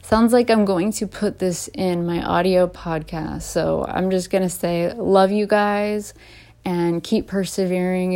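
Slow-talking woman in her late 30s. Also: fairly low pitch, clear, resonant tone. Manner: rambling, with restarts and frequent soft laughs. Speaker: vlogger and podcaster. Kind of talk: casual heartfelt personal talk.

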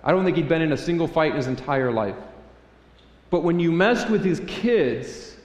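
Storytelling pastor in an echoing church hall. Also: male voice, on the high side, moderate pace. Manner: storytelling, animated, acts out voices in quotes. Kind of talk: sermon. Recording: echoey hall reverb.

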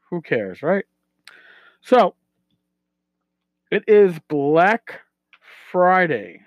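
Slow-talking podcast host with a cold. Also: male voice, on the high side, no room sound, lo-fi sound. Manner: unhurried, with frequent restarts and asides. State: has a cold. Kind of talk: casual solo podcast monologue.

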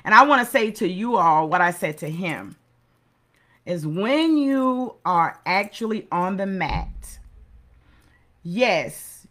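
A woman's voice: medium pitch, fairly bright tone. A middle-aged woman hosting a motivational segment, speaking earnestly in a preacherly way and repeating key phrases for emphasis. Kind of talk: motivational talk.

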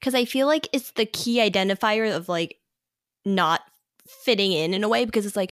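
A woman's voice: medium pitch, normal speed, dry recording, clean studio sound. A young American woman co-hosting a podcast, chatting casually with many "like" fillers. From United States. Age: young adult. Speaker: podcast co-host.

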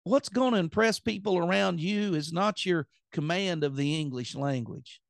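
Man, Southern accent, podcast preacher, impassioned, plain-spoken, slightly high-pitched, dry voice. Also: normal speed, vocal fry, dry recording. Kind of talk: podcast sermon.

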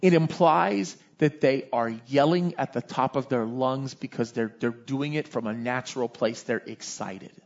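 A male pastor preaching a sermon in a lively, conversational way, often tossing in "right?" asides. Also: medium pitch, moderate pace, creaky, hardly any pauses, lo-fi sound.

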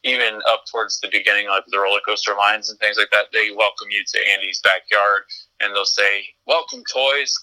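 Chatty man with a very bright voice. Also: on the low side, monotone, brisk, poor audio. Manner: chatty, laughs often, frequent restarts. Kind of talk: casual chat.

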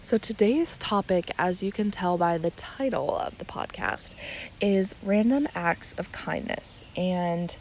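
A woman's voice: on the low side, gravelly, slight background noise. A young woman hosting a casual solo podcast, chatty and rambling, with many fillers and restarts. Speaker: podcast host.

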